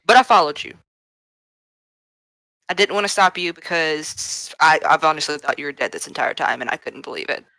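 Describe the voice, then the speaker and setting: A woman's voice: sits low, lively intonation, normal speed, creaky, bright, forceful tone, no room sound. A woman speaking in character as a tabletop role-play player, blunt and swearing freely.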